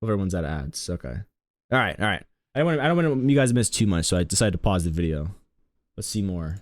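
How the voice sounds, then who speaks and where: A man's voice: deep voice, big pitch swings, fast, no room sound, studio quality. A man streaming live, chatting casually and rambling to his viewers.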